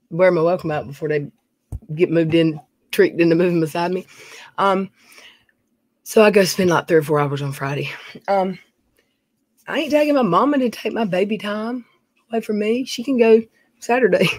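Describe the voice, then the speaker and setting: A woman's voice: mid-range voice, no echo. Chatty woman live-streaming. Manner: chatty, reads viewer names aloud, folksy. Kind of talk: casual live-stream chat. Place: dim room at home.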